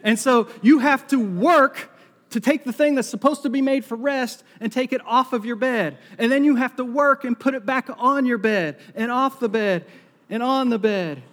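A middle-aged man with a Southern US accent preaches with a light, high-pitched voice. He keeps things conversational and self-deprecating, with jokes woven into the sermon. The sound rings with the long reverb of a large auditorium. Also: normal speed, a bit bright. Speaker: pastor.

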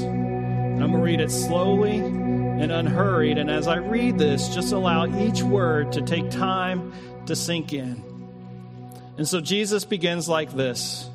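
A man preaching as a pastor, then slowing into an unhurried prayer with long pauses. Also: fairly high pitch. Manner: slow, drawn-out reading and prayer with long pauses. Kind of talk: sermon. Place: church hall. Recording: long hall reverb.

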